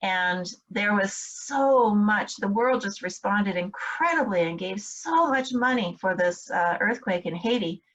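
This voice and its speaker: A woman's voice: mid-range voice, unhurried, hardly any pauses, fairly bright tone, lo-fi sound. A woman instructor giving a recorded training lecture, explaining step by step with frequent fillers and check-ins with her listeners. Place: home, in Michigan.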